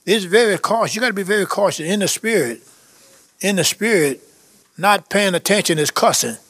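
A man's voice: high-pitched, lively intonation, fairly quick, fairly bright tone, no echo. A man preaching a charismatic sermon, fervent and exhorting, repeating phrases and breaking into tongues and chuckles.

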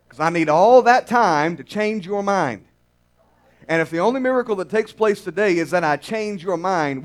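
A man preaching a sermon at a church service. He talks in a folksy, teasing way to the congregation and swells to emphatic near-shouts on key phrases. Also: fairly high pitch. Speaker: pastor.

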